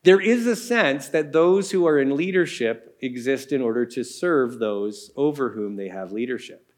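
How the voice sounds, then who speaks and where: A man's voice: mid-range voice, expressive, moderate pace, a little mellow. A man preaching a sermon, explaining scripture in a conversational teaching manner with casual asides. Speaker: pastor.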